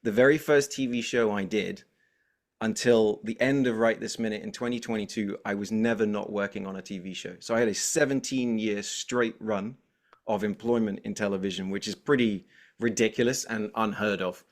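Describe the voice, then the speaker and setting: An English man in his forties talks as a guest in a relaxed interview. He is energetic and talkative, and he tells his stories in a lively, animated way. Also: lowish voice, moderate pace. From England. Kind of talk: casual interview chat.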